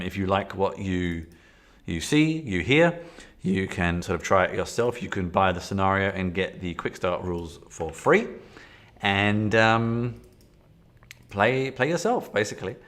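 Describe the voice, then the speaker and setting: A man with a fairly low voice streaming a solo tabletop game. He chats casually and thinks aloud, rambling with lots of fillers and restarts. He speaks into a desktop setup with a camera. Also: fairly bright tone.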